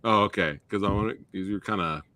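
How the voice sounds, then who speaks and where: A man hosting a casual panel chat on a video call, brisk and easygoing. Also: on the low side, a loud crowd. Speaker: podcast host.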